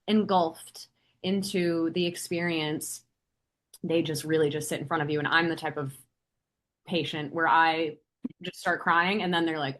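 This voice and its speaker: Blunt, foul-mouthed woman with a lowish voice. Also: moderate pace. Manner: blunt and profane, animated outbursts. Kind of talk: casual chat.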